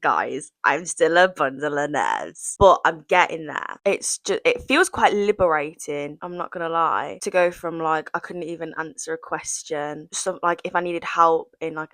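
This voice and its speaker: A woman's voice: sits low, fairly bright tone, no room sound, low-quality recording. A young woman, chatting in a casual, self-deprecating way for a get-to-know-me vlog and often giggling. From England, West Midlands. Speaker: vlogger.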